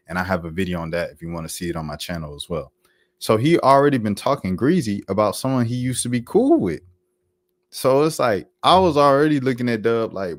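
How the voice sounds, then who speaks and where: Man, deep low voice, commentary host, animated repetitive talk, dry close sound. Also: no echo. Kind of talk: casual commentary monologue.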